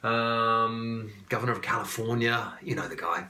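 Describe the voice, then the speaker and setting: A man's voice: mid-range voice, moderate pace, pushed and bright. A man from England with an English accent, hosting a casual explainer podcast and breaking off into joking asides. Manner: chatty, joking asides and digressions. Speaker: podcast host. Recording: echoey room.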